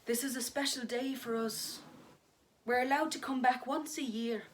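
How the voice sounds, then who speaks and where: A woman voicing a calm, soothing ghost husband. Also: a little high, moderate pace, a little hiss or hum, pitched above the performer's own voice, lightly acted. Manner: soothing, patient. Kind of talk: dramatic story reading.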